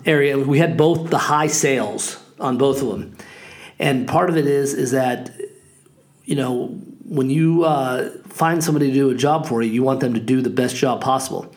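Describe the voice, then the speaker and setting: A man in his forties, a real estate agent hosting a podcast, talking in a casual, upbeat and rambling way with lots of fillers. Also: mid-range voice. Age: 40s. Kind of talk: casual monologue.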